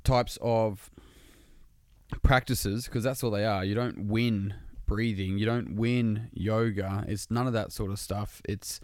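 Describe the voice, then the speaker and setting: Man with a smooth, resonant voice; earnest, laid-back talk with some swearing, recorded dry. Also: on the low side, fairly even intonation, slow, darkish tone, no room sound. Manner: earnest, casual, swears freely. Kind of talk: casual motivational monologue.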